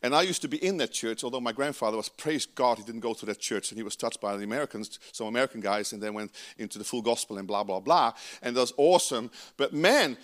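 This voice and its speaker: A man's voice: medium pitch, fast talker, hardly any pauses, a bit bright. A man from the Netherlands with a Dutch accent, preaching a sermon with emphatic, conversational asides. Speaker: pastor.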